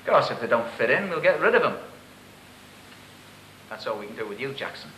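A man acting as a stern, sardonic officer of a cadet force, grilling a young cadet with dry, pointed questions. The voice is mid-pitched but bright and forceful, with a light hiss behind it in this amateur drama. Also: big pitch swings, a little fast, rough recording. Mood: questioning. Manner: dry, probing, needling questions.

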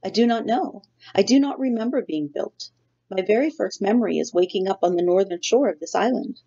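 A woman reading aloud voices a gentle robot mother who speaks in a formal, measured way without contractions. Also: medium pitch, husky, pitched above the performer's own voice. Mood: patient. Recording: dull lo-fi recording.

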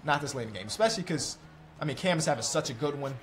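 A young man talks through his basketball video game, cheering his players on and scolding himself for mistakes. His voice sits fairly high and swings widely in pitch, jumping into shouts at the big moments. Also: rapid-fire. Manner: excitable, talks to players on screen, self-mocking, shouts at big plays. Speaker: gaming YouTuber.

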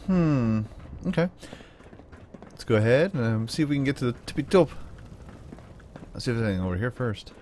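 A man's voice: mid-range voice, lively intonation, brisk, long pauses, a little mellow, a little hiss or hum. A man giving let's play commentary as a gaming channel host, joking and teasing the game characters.

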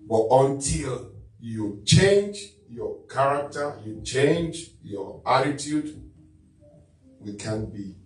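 A bishop speaking as a talk-show guest, teaching on marriage in a loud, preacherly way. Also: male voice, medium pitch. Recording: echoey room, distant mic, faint music.

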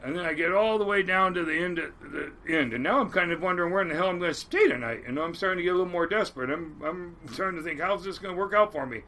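A man's voice: high-pitched, fast, hardly any pauses, sharp tone. A man in his sixties, a crab boat captain from the US Pacific Northwest, tells a rambling, salty story in a casual interview. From Washington State, US. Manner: rambling yarn-spinner, salty and blunt.

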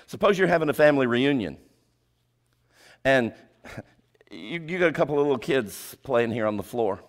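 A man's voice: animated, normal speed. A man preaching with rhetorical questions. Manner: emphatic, asks the audience rhetorical questions; drops pitch and volume for emphasis. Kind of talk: sermon.

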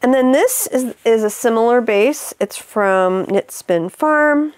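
A woman's voice: on the high side, lively intonation, slow pace, clean tone, no echo. A middle-aged woman with an upstate New York accent, chatting casually as a knitting podcast host and showing off yarn, with frequent laughs and asides. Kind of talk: casual show-and-tell chat.

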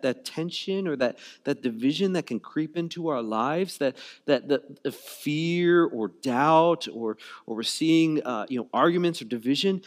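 A man preaching a sermon as a pastor, in a loose conversational way, often repeating words and saying "you know" and "like.". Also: a little high. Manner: conversational, repeats words while searching for phrasing.

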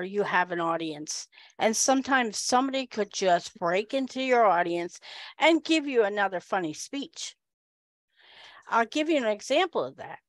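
A woman giving a humorous storytelling speech at a speaking club, animated and acting out the people in her story. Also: a little high, no echo.

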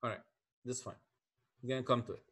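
Husky-voiced man lecturing on beams. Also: medium pitch, steady tone, quick pace, sharp tone. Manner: explains step by step, asks the class questions. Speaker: engineering lecturer. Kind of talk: classroom lecture.

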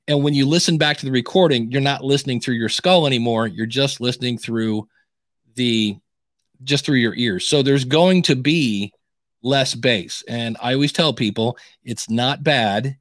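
A man's voice: mid-range voice, moderate pace, no room sound. Chatty guy hosting a podcast advice show, keeps restarting sentences, dead dry sound. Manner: animated, chatty, many restarts. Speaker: podcast coach and host. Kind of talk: casual podcast advice chat.

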